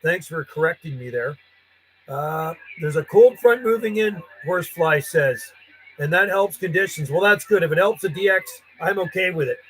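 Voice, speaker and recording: Man, radio hobbyist, higher voice, easygoing rambling on-air chat. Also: animated, moderate pace, a bit bright, poor audio. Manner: rambling and friendly, chatting to callers while logging contacts. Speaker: ham radio operator.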